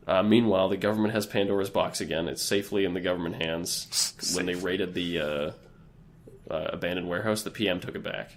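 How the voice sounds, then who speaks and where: A man's voice: sits low, steady tone, brisk, a little hiss or hum. A man co-hosting a podcast, loosely retelling episodes in a casual, profane way. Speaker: podcast co-host. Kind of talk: casual recap chat.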